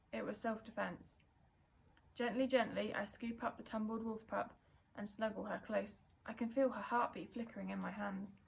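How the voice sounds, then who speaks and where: A woman teacher reading a children's novel aloud, telling it expressively and rising to loud calls in the action. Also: mid-range voice, gravelly, slight background noise. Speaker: primary school teacher.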